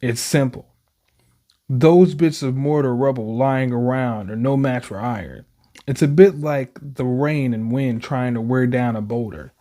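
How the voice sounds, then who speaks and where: A man reading the lines of a calm, long-winded male lab chief in a measured, explaining way, close to his own voice. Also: medium pitch, lightly acted.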